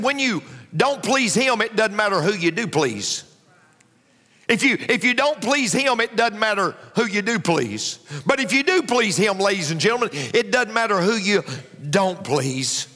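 A man's voice: high-pitched, sing-song, measured pace, bright, forceful tone. A man preaching a sermon as pastor, driving his points home with emphatic repetition. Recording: long hall reverb.

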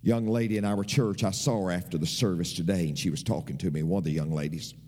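A man's voice: low-pitched, steady tone, fast talker, warm tone. A man preaching a sermon as a pastor, emphatic and repetitive, his voice swooping up and down. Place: church. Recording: long reverb of a church hall.

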